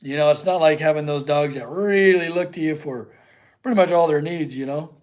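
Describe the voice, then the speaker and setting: A man's voice: a little high, a little fast. A young man, a blacksmith in his home shop, chatting casually on a live stream and reading chat aloud. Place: home workshop.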